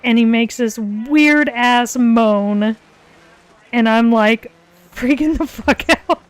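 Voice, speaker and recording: A woman's voice: a little high, slow, dry recording. A young woman casually telling a story on a live stream, laughing often as she talks. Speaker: co-host of art and gaming stream.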